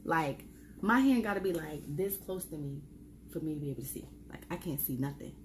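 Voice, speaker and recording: A young woman with a New York accent tells a storytime vlog in a casual, slangy way. She acts out her own reactions with sudden high squeals and talks in quick bursts. Her voice sits a little low, with faint noise behind it. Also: animated. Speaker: vlogger.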